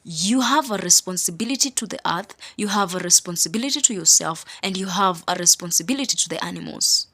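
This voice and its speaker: A woman's voice: fairly low pitch, animated, brisk, few pauses, sharp tone. A woman teaching a Bible study. She stresses single words and repeats phrases, with casual asides between the preaching. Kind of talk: spoken scripture teaching.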